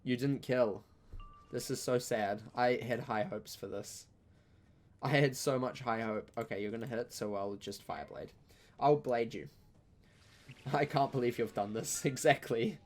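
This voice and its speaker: A young man, chatting casually through a live-streamed game, joking and breaking into loud outcries. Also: medium pitch, measured pace. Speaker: gaming streamer.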